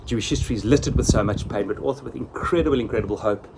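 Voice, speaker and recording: A man's voice: medium pitch, rapid-fire, vocal fry, very noisy. Earnest man giving a sermon. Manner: earnest, repeats phrases for emphasis. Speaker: rabbi giving a weekly Torah talk.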